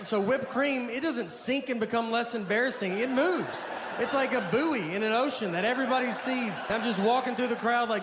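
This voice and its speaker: On the stage of a TV studio, a deadpan comedian in his 40s from Tennessee, USA, opens his sketch show with a stand-up monologue, telling understated stories with bemused quoted dialogue. His voice is high-ish, his speed normal with hardly any pauses, and the live audience's laughter is noisy.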